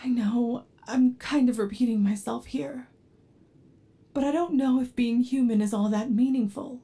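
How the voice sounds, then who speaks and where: Casting: a woman playing a clingy yandere android for whispered role-play, high and mellow, soft and pleading. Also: normal speed, lightly acted. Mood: tender, anxious. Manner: soft and pleading, flaring into anger. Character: obsessive devoted yandere android, adult, unstable temper. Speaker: ASMR role-play performer.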